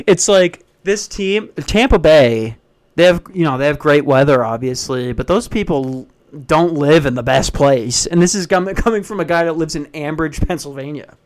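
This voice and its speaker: A man's voice: fairly high pitch, moderate pace. A man hosting a solo podcast, talking in a blunt, profane, self-deprecating casual rant. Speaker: podcast host.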